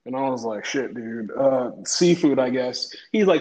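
A man's voice: medium pitch, a little slow, few pauses, a little mellow. A young man from North Carolina telling a story in casual chat, laughing and acting out what others said. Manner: laid-back, laughing, acts out quoted voices. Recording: echoey room, dull lo-fi sound.

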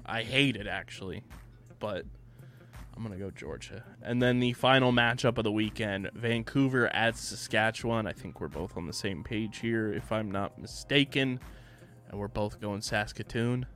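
A man's voice: lowish voice, moderate pace, fairly bright tone, soft background music. Laid-back young man joking about picks. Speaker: co-host of a lacrosse picks show. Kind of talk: casual sports chat.

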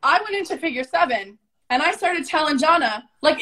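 A woman guest on a podcast, telling her story in a casual, high-energy way, swearing freely and filling her talk with "like". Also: expressive, bright, forceful tone. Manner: fast rambling with frequent "like".

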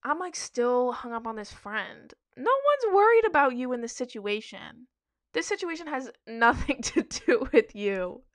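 A woman's voice: sits high, very animated, normal speed, no echo. A woman giving casual, blunt reaction commentary on advice-forum stories, emphatic and profane.

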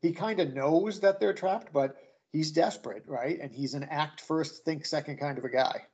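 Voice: mid-range voice, normal speed, darkish tone, slightly rough. A podcast co-host chatting casually about a comic, hesitant with many fillers. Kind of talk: casual chat reviewing a comic. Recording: slightly muffled lo-fi recording.

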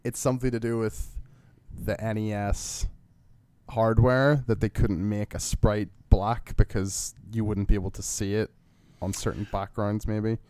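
A man's voice: lowish voice, level tone, a little slow, a little mellow, clear, resonant tone. A man co-hosting a podcast in casual chat, who talks in a hesitant way, often restarting his sentences and laughing. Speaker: podcast co-host.

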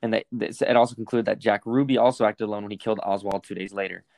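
Fast-talking, cursing young man. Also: fairly low pitch, steady tone, vocal fry, a little mellow, no echo. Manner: swearing, rambling storyteller. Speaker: podcast co-host. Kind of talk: casual chat reading facts aloud.

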